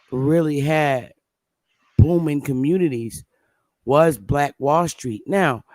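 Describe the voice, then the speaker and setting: A woman's voice: a bass voice, darkish tone, no echo. A woman hosting a casual chat, speaking bluntly and emphatically and repeating her points. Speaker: show host.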